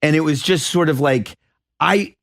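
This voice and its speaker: A man's voice: a little high, normal speed, creaky, a bit bright, no echo, clean studio sound. A man guesting on a radio talk show, telling self-deprecating stories about his past and laughing often. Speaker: guest actor. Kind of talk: casual radio interview.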